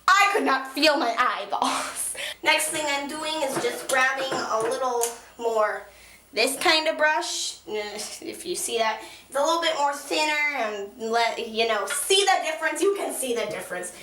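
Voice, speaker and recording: A teenage girl vlogging in an excitable, gushing way, swearing casually while she tells a story and does her makeup. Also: high-pitched, measured pace, a little hiss or hum. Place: small echoey room at a mirror. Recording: echoey room.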